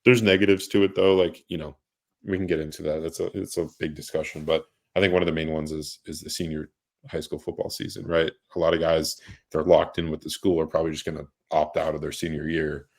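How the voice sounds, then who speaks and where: A man's voice: very deep voice, level tone. A young man co-hosting a sports recruiting podcast, talking casually with frequent restarts and fillers. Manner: halting, many restarts and fillers. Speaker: recruiting reporter, podcast co-host.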